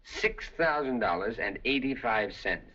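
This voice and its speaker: A man's voice: medium pitch, animated, unhurried, bright, forceful tone. A man playing a broke, charming gambler in a 1930s film, polite, flustered and wryly evasive. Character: broke charming young American gambler, cornered but polite. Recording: dull old film soundtrack.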